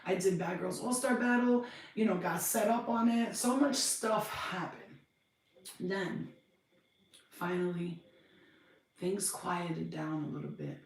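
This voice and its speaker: A woman, telling her life story on a podcast, blunt and animated, acting out other people's voices. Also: lowish voice, slow pace, gravelly, long pauses, far from the mic. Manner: blunt, animated, swears freely, acts out voices. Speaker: podcast host. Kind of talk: casual storytelling monologue. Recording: echoey room, voice off-mic.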